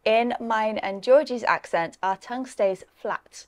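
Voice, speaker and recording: Slow, careful Northern English woman teacher. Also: fairly high pitch, a little mellow. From north of England. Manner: slow, careful, modelling sounds clearly. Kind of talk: scripted lesson dialogue.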